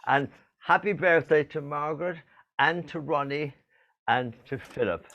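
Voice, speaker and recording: A man's voice: a little high, a little slow, fairly bright tone. An older Irish man, a singer co-hosting a live video show, chatting in a playful, showman's way. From Ireland. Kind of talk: casual chat.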